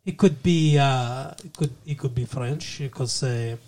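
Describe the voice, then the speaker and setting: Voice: medium pitch, unhurried, darkish tone. A co-host of a casual comedic podcast, reading personal ads aloud and riffing on them in a wry, rambling way full of asides.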